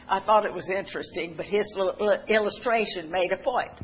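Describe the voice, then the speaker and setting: A woman's voice: mid-range voice, moderate pace, slight background noise, rough recording. An older woman giving a sermon-style talk, telling homespun stories in a conversational way with restarts and asides. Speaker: speaker giving a testimony talk. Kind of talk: sermon-style personal storytelling.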